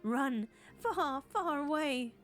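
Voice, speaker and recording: A woman voicing a frantic, grieving old mother, wailing and melodramatic with a rough put-on accent. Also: on the high side, measured pace, soft background music, natural voice.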